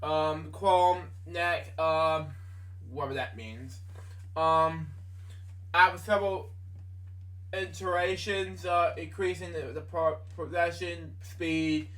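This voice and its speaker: A young man reads computer history aloud at a slow, stop-start crawl, tripping over words and apologizing each time he misspeaks. His voice sits a little high, and he is set back from the microphone, so the sound comes across distant. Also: steady tone, fairly bright tone. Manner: stumbling reader, many ums, frequent apologies for misspeaking. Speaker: amateur video maker reading facts aloud. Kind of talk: halting read-aloud narration. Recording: voice from a distance from the mic.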